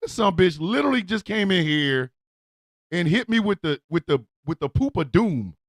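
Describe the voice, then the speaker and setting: A man hosting a radio show, ranting loudly in a comic, excitable way, yelling and cursing. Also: sits high, moderate pace, dry recording. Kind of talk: loud comic rant.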